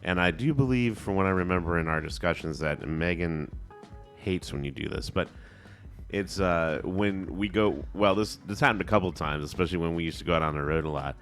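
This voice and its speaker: Lower-voiced man telling a story. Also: brisk, soft background music. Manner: animated storyteller doing voices of others. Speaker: band member co-hosting. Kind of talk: casual chat.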